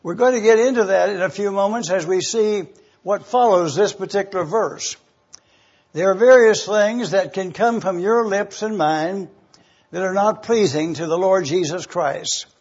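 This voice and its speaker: A man's voice: sits high, moderate pace, a little mellow, slightly rough. A man teaching a sermon, going through a verse word by word and spelling out Greek words letter by letter. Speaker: Bible teacher. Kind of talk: expository sermon. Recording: dull lo-fi recording.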